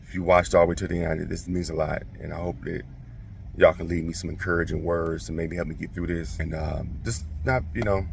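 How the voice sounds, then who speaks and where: A man casually telling a childhood story to his viewers, animated, profane and self-mocking. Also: sits low, a little fast, vocal fry, distant mic, a little hiss or hum.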